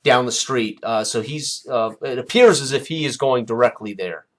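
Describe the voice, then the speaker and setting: A man narrating a tabletop game as game master, halting, with many fillers and restarts. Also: medium pitch, fairly bright tone.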